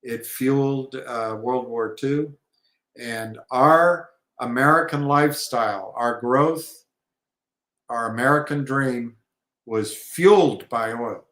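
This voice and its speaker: A man giving rambling commentary on markets and trading, halting, with many restarts and fillers. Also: medium pitch, fairly bright tone. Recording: echoey room.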